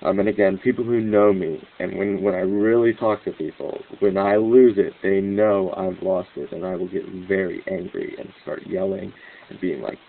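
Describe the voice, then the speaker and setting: Excitable man on a tinny line. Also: low voice, normal speed, gravelly. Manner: rambling and excitable, with frequent restarts and cynical laughs. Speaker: host of a news commentary channel. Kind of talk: unscripted commentary monologue.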